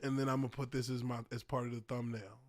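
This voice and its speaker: A man in his thirties giving casual live-stream commentary, excitable and hyped, laughing often. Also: mid-range voice, fast talker.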